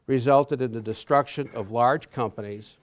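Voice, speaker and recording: A man in his sixties giving a prepared talk to a university audience, halting often with fillers and restarts. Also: mid-range voice. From Wisconsin. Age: 60s. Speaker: guest speaker.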